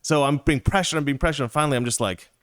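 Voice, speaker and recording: A man's voice: on the high side, racing, a bit bright, clean tone. A middle-aged man telling a rambling, chatty story as a casual monologue, with playful asides.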